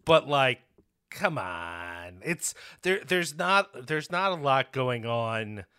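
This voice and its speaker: A man's voice: mid-range voice, big pitch swings, takes it slowly, sharp tone, clear, resonant tone, no echo, clean studio sound. A man co-hosting a casual movie review podcast, blunt in his judgments and stammering as he searches for words. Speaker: podcast co-host.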